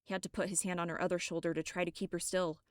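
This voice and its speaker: A woman reading her own story aloud as audiobook narration, steady and dramatic. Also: on the low side, rapid-fire, clear, resonant tone, dry recording, clean studio sound.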